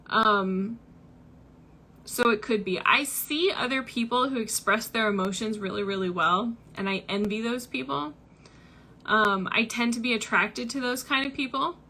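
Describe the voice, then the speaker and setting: A woman's voice: fairly high pitch, sharp tone. A young woman hosting a book club livestream, telling personal stories candidly in a chatty way full of fillers. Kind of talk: casual livestream chat.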